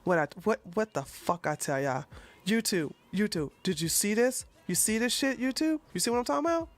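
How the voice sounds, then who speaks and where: A woman giving sarcastic, profane reaction commentary, breaking into loud laughter and shouts. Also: medium pitch, lively intonation, brisk.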